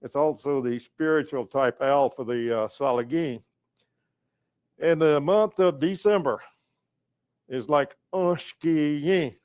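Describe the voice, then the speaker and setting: Older guy teaching words real slow and patient, says each one twice, kinda muffled lo-fi sound. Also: mid-range voice, clear, resonant tone. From North Carolina. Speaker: educator and storyteller. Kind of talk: language lesson.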